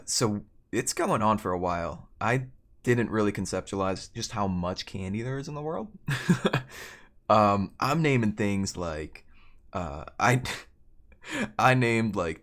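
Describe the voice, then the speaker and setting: A man's voice: on the low side, lively intonation, unhurried, a bit bright. Rambling, chuckling male streamer. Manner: rambling, self-correcting, laughs between lines. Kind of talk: casual storytelling while gaming.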